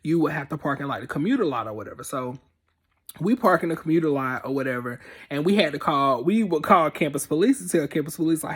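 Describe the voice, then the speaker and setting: A man's voice: on the high side, lively intonation, moderate pace, husky. A young man casually telling a story from his college days, laid-back and full of fillers. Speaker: storyteller host.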